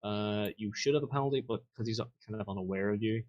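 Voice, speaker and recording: A man's voice: lowish voice, quick pace, muffled recording. A man narrating a tabletop role-playing game as game master, in a casual, rambling way. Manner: casual, rambling, many fillers.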